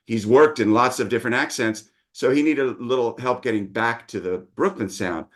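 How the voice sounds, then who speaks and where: A man's voice: medium pitch, normal speed, a bit bright. A middle-aged man, a dialect coach, patiently explaining his teaching methods in an interview.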